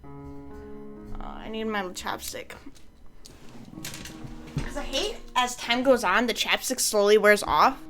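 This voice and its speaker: A woman streaming a game, chatting casually, rambling and swearing, with sudden loud high-pitched complaints. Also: lively intonation, slow pace, long pauses, over music. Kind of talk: casual gaming stream chat.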